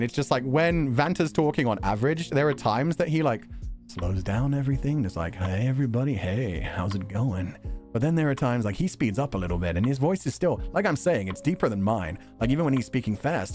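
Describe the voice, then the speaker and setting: Young man, streamer, lively swinging pitch, fast casual chat, faint music underneath. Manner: animated, quick talker who laughs often.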